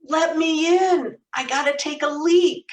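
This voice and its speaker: Woman doing a pushy joking brother, wheedling and loud, in an echoey room. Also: sits high, measured pace, pitched above the performer's own voice. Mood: pleading. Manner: wheedling, insistent. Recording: roomy echo, distant mic.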